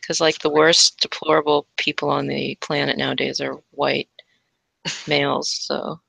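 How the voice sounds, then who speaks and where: Man, sardonic casual chat, gravelly fry, dry close sound. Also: fairly high pitch, flat delivery, normal speed, bright, forceful tone, dry recording, low-quality recording.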